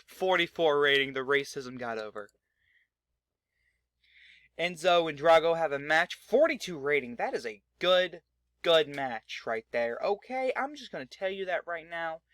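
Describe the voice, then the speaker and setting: A man's voice: on the high side, big pitch swings, unhurried, a bit bright, no room sound, clean studio sound. A young man hosting a gaming channel, talking through his game in a rambling, chatty way and swearing freely. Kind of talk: casual let's-play commentary.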